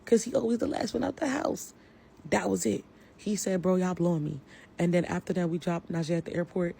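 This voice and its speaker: A woman's voice: fairly low pitch, fairly even intonation, brisk, gravelly, warm tone, breathy edge. A woman giving an angry, profane rant to the camera about a falling-out with a friend. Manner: heated, profane, confrontational. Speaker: social media personality.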